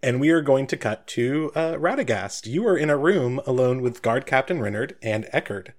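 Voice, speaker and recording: A man narrating a tabletop game as game master, relaxed and rambling. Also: medium pitch, normal speed.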